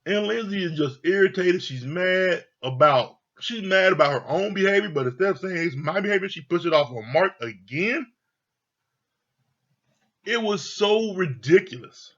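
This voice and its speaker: A man with a somewhat high, bright and husky voice rambles through a reality TV recap in casual, profane commentary. He laughs often and swears freely. The recording is a little dull and lo-fi. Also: lively intonation, moderate pace. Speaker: reality TV reviewer.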